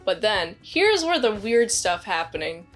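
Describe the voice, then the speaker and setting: A woman's voice: mid-range voice, very animated, unhurried, a bit bright, faint music behind. A woman giving a casual movie review, rambling with lots of "like"s. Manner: rambling, many "like"s, acts out quotes.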